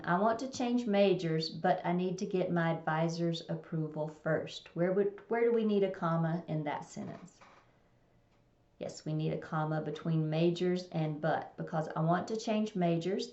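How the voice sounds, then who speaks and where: A woman's voice: fairly low pitch, normal speed, a little mellow. A woman teaching a recorded grammar lesson, explaining plainly and reading example sentences aloud. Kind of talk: recorded test-prep lesson. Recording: echoey room, dull lo-fi sound.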